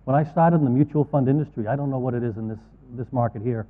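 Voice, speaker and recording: At a large conference hall, a middle-aged man gives a keynote to financial advisors in a folksy, earnest manner, telling stories with asides in a fast, medium-pitched voice. The lo-fi recording sounds tinny and echoey.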